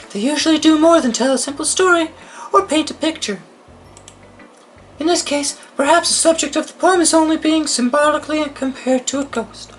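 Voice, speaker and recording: A man voicing a shy, formal teenage girl bookworm in a high, breathy put-on voice, speaking gently and thoughtfully. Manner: gentle, thoughtful, a little hesitant.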